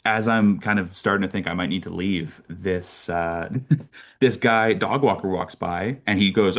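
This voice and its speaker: A young Canadian man telling lively birding stories in a casual talk, with many fillers and restarts. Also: low voice, moderate pace. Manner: animated storyteller, many fillers and restarts, laughs often. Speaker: birder giving a talk.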